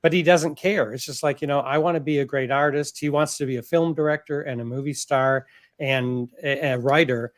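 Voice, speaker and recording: Author guest, man, mid-pitched, earnest and measured reader. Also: steady tone, dry recording, clean studio sound. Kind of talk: reading from his novel and chatting.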